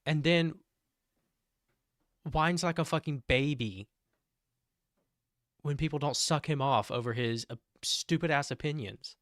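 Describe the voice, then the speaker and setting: A man's voice: on the high side, a little slow, long pauses, fairly bright tone, no echo, clean studio sound. A young man commenting on a stream, exasperated and swearing as he rants. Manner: exasperated, profane. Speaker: podcast commentator. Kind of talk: stream chat rant.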